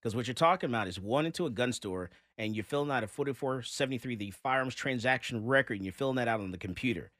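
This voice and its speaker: A man's voice: medium pitch, fast, few pauses, no echo, clean studio sound. A man hosting a talk radio show, talking casually and reading listener letters aloud. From Texas. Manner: animated, mocking when reading a letter aloud.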